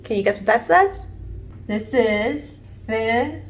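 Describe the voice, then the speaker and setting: A woman's voice: on the high side, animated, measured pace. A woman from Puerto Rico giving a casual video lesson, chatty and encouraging as she explains at a whiteboard. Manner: chatty and encouraging, self-deprecating. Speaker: online language learner teaching viewers. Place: indoors at a whiteboard. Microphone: camera framing her at the board.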